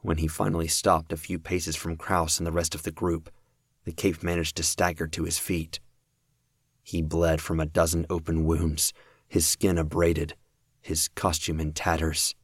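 Deep-voiced male audiobook narrator. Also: little pitch movement, normal speed, slightly rough, no echo, clean studio sound.

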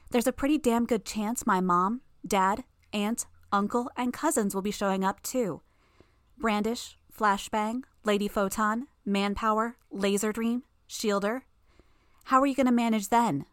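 A woman's voice: mid-range voice, measured pace, dry recording, clean studio sound, natural voice. A woman doing a breezy, cocky teen superheroine. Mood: confident. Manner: breezy, teasing. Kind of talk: audiobook character voice.

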